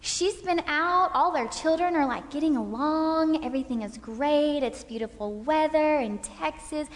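Woman, high voice, animated class leader acting out examples, reverberant hall. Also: moderate pace. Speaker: speaker leading a parenting class. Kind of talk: interactive faith-based lecture with volunteers. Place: stage in a large hall. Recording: hall reverb from a stage talk.

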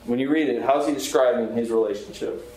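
A man's voice: mid-range voice, fast talker, darkish tone. Earnest man teaching in an echoey room. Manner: earnest, asks the group questions. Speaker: chaplain teaching a Bible class. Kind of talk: conversational teaching. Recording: very echoey room, faint background hiss.

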